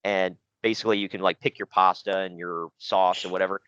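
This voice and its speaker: A man's voice: sits low, level tone, brisk, fairly bright tone, smooth, no room sound. A man hosting a podcast, rambling through stories about friends with frequent laughs and impressions. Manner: rambling storyteller, laughs often, mimics friends. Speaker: podcast host. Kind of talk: casual chat. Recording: dry, muffled podcast audio.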